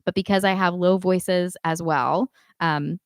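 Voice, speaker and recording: A woman teaching a live online singing class, giving calm instructions and demonstrating warmup sounds herself. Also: fairly low pitch, measured pace. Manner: coaching, demonstrates vocal exercises between instructions. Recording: dry close sound with faint piano.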